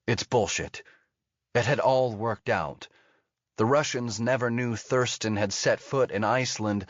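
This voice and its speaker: A man narrating an audiobook thriller in an even, steady storytelling manner. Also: medium pitch, no room sound. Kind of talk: scripted narration. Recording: dull lo-fi audio.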